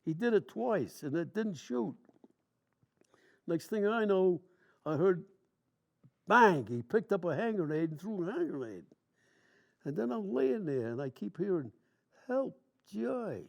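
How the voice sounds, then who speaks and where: A man's voice: high voice, sing-song, normal speed, creaky, pauses often, mellow. A man in his nineties, a war veteran, telling long stories from memory in plain, rambling, colloquial speech during an interview. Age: 90s.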